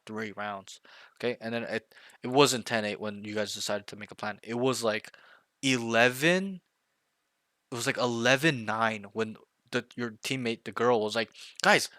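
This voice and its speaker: A man coaching a player one on one, blunt and intense, pressing his points and swearing now and then. His voice sits a little low but has a bright, forceful edge. The sound is dry and close, with no room around it. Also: dry recording. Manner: repeats himself, checks in with okay and right. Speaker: game coach.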